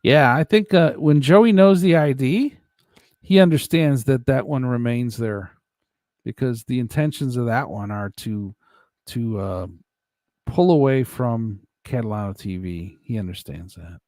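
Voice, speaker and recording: A man's voice: medium pitch, unhurried, a little mellow, no echo, studio quality. A man hosting a casual live stream, rambling and chuckling as he talks to his chat by name.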